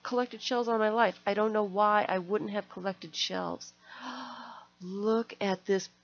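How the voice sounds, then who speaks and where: A woman's voice: medium pitch, fairly even intonation, a little slow. A middle-aged woman hosting an art live stream, chatting casually and gushing with delight as she opens mail. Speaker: art channel host. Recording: slightly dull lo-fi stream audio.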